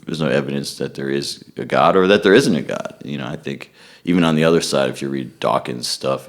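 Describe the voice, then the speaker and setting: A man being interviewed, talking in a relaxed, rambling way and often restarting with repeated words. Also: very deep voice, gravelly. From United States. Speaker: guest musician. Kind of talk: casual interview chat.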